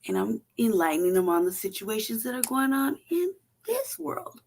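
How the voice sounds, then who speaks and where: Brief: woman host, casual profane storyteller, animated, quick to laugh. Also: on the high side, gravelly, slight background noise. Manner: profane, animated, laughs often, acts out quotes. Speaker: show host.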